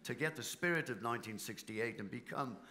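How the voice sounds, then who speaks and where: Middle-aged British union leader, impassioned debate speech, bright edge to the voice. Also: male voice, medium pitch, brisk. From Britain. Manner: passionate, rhetorical, builds with repetition. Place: conference hall stage.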